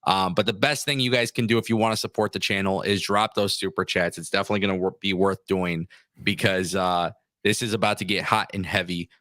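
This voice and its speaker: A man's voice: low-pitched, fairly even intonation, fairly quick, bright, forceful tone, no echo, studio quality. A man co-hosting a livestream, talking in a fired-up, frustrated way and often stumbling and restarting his sentences. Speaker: co-host. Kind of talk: livestream wrestling talk.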